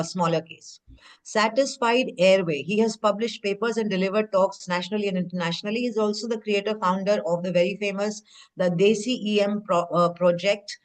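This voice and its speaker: A woman hosting an online conference, reading introductions briskly and upbeat. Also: medium pitch, rough recording. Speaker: conference host. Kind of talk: fast scripted introduction.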